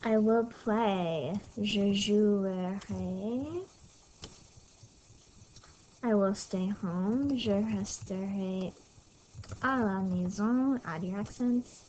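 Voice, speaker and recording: A woman's voice: medium pitch, very slow, pauses often, darkish tone, muffled recording. A woman teaching French to her class in a casual, chatty recorded lesson, with small apologetic asides, on scratchy audio from a tablet mic at home. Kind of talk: recorded lesson over slides.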